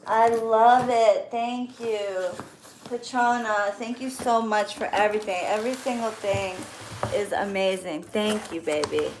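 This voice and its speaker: A woman's voice: medium pitch, noisy background. A woman in her thirties chatting to her viewers while opening birthday gifts, gushing with thanks. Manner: effusive, grateful, gushing. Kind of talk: casual chat to viewers.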